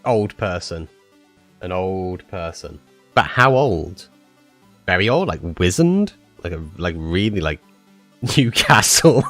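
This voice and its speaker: A man's voice: on the low side, animated, takes it slowly, fairly bright tone, no room sound, faint music behind. A man chatting casually with his live-stream viewers, rambling with many fillers and restarts.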